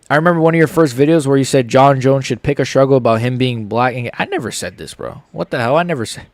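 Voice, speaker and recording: A young man with hiccups chatting casually on a live stream, reading viewers' messages aloud in relaxed slangy banter. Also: medium pitch, quick pace, hardly any pauses, no echo. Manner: reads chat aloud, laid-back slangy banter. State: has the hiccups. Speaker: streamer reacting live to fights.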